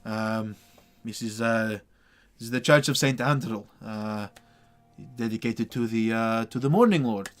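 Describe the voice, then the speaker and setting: Man playing a meek, halting priest. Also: fairly low pitch, natural voice. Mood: polite. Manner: halting, stammering, apologetic. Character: meek, earnest middle-aged male priest, hesitant.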